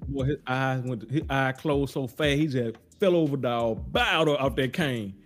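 A man's voice: mid-range voice, a little slow, faint music behind. A man hosting a casual chat that recaps a TV show, repeating himself and acting out the characters' lines. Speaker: podcast host.

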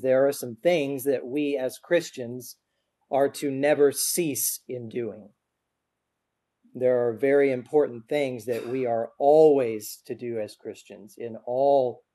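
A man with a drawl delivers a sermon to a church congregation through a microphone on a stand. His tone is earnest and conversational, with a gentle, self-deprecating humor. His pitch sits in the middle range for a man. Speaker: guest preacher. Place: church service before a congregation. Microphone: adjustable microphone on a stand.

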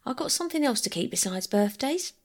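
A woman's voice: on the high side, sing-song, fairly quick, voice pushed up. A woman voicing a friendly, plain-spoken male railway porter in his thirties, reading from a storybook. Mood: cheerful.

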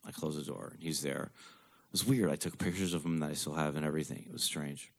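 A man with a very low, deep voice tells a personal story. He talks bluntly, swears freely and slips in dark jokes. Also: fairly even intonation, quick pace. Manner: blunt, profane, darkly joking.

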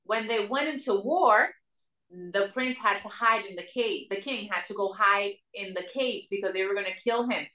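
A woman's voice: mid-range voice, moderate pace, pushed and bright. A woman with a Dominican Spanish accent, telling a story earnestly as an interview guest. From Dominican Republic. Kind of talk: casual interview conversation. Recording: roomy sound, distant mic.

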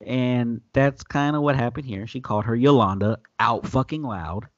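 A man's voice: medium pitch, moderate pace, dry recording, lo-fi sound. A man recapping a TV episode in loose, profane casual chat. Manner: loose, profane, animated retelling with quoted voices. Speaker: podcast host recapping an episode.

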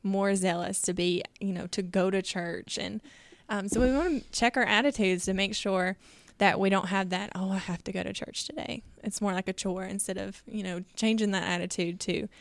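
Young woman co-host, gravelly edge, dry close sound, earnest and chatty. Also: mid-range voice, steady tone, normal speed, few pauses, dry recording. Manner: earnest, chatty, laughs often. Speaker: podcast co-host. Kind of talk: casual faith discussion.

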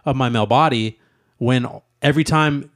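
Young dude rambling on a podcast, mid voice, says like constantly. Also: male voice, medium pitch, normal speed, fairly bright tone. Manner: rambling, hedges with many "like"s. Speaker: podcast co-host. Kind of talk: casual podcast chat.

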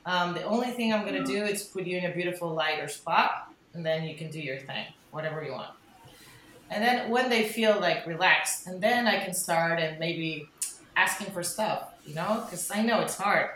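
Roomy-sounding woman, candid and low. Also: moderate pace, a bit bright, a little hiss or hum. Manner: candid, swears, many restarts and ums. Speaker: wedding photographer guest. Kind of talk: casual podcast chat.

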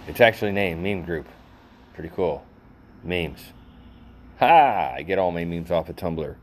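A man's voice: sits low, creaky, slight background noise. A middle-aged man hosting a solo podcast, rambling goofily and laughing at his own jokes, sounding tired and worn out. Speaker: podcast host.

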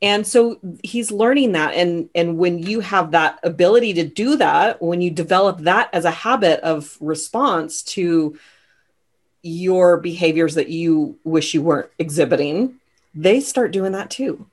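Chatty woman host, lower voice. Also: a little slow. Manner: chatty, laughing storyteller. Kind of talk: casual interview chat.

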